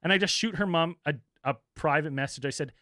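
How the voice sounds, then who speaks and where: A man co-hosting a podcast, telling a story casually, swearing a lot and acting out the people he talks about in high voices. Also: fast, sharp tone, dry recording, clean studio sound. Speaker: podcast co-host.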